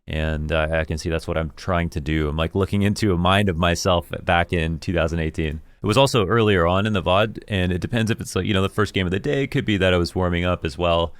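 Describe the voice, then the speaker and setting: A man, an esports caster, thoughtfully reviewing his own commentary in a deep voice, enunciating carefully. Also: quick pace, hardly any pauses, dry recording, studio quality. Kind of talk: reflective self-review.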